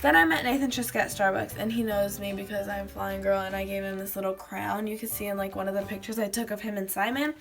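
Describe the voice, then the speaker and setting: Creaky-voiced woman rambling through a vlog. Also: mid-range voice, fairly even intonation, quick pace, hardly any pauses, a bit bright. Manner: rambling, fillers of "like", acts out quotes. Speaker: vlogger. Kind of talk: casual chatty recap to camera.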